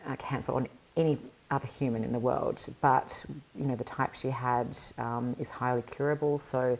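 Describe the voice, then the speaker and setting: A woman's voice: a bass voice, fairly even intonation, normal speed, a little mellow. A woman guest in a podcast interview, telling her story in an earnest, reflective conversational way. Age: adult mother. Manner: reflective, earnest, many fillers.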